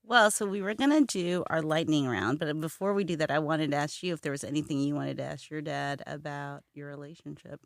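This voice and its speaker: A woman hosting a podcast, gently prompting her guests with questions. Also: sits low, fairly quick, creaky, few pauses, no echo, clean studio sound. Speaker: podcast host. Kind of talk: interviewing.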